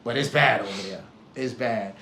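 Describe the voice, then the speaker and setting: A man's voice: mid-range voice, normal speed, sharp tone. Man, sports podcast host, laid-back, hedging fillers, roomy echo, faint hiss. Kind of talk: casual sports talk.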